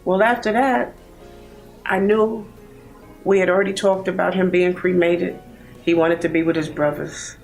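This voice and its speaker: Gravelly-voiced grieving woman in her sixties. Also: on the low side, steady tone, darkish tone, faint music behind, rough recording. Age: 60s. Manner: heartfelt, halting, grieving. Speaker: bereaved mother in a support program. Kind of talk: personal testimony.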